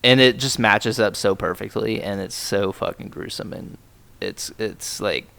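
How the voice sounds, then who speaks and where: Gravelly, low-voiced young man chatting. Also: measured pace, bright, forceful tone, dry recording. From Ohio. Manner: laid-back, rambling slang with lots of "like" and "dude". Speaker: podcast co-host. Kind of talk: casual chat.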